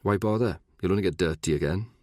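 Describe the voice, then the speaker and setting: A man voicing a gruff, blunt soldier in an audiobook. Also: low-pitched, quick pace, a little mellow, no room sound, studio quality, close to an everyday voice.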